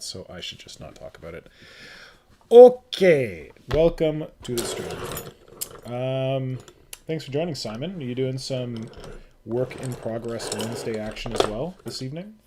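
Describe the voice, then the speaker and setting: A Canadian man hosting a casual livestream, chatting with viewers and muttering to himself while he fiddles with his settings. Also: mid-range voice. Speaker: livestream host. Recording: noisy home livestream recording.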